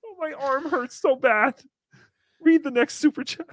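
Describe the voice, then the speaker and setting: A man hosting a casual livestream, reading paid chat messages with sarcastic jokes. He swings from loud bursts to mumbled asides. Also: extremely high pitch, measured pace, no room sound, studio quality.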